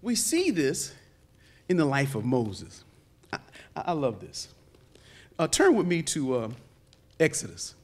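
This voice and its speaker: Pastor guy preaching, voice jumps all over, goes quiet then yells, call and response with the crowd. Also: wildly swooping pitch, unhurried, long pauses. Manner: preaching with call-and-response, swinging from low murmurs to shouts. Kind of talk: sermon.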